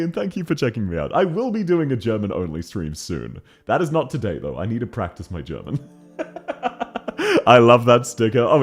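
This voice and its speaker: A young man streams a game and chats casually with his viewers, laughing often and swearing now and then. His pitch swings widely from low mutters to high bursts. Faint game music plays behind him. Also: husky. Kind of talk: casual game commentary reading chat.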